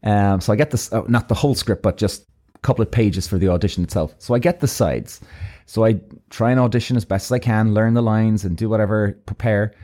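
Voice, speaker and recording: An Irish man telling a personal story in a loose, swearing, animated way, acting out both sides of each conversation. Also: lowish voice, brisk. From Ireland. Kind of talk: casual storytelling.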